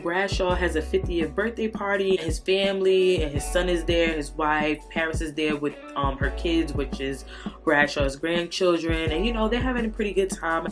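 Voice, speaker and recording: A woman casually reviewing a book, retelling the plot in a candid, profane way. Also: on the low side.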